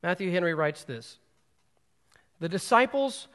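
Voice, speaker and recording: A man preaching a sermon as pastor to his congregation, animated and storytelling, rushing ahead and then dropping low for emphasis, in a church sanctuary. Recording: long hall reverb.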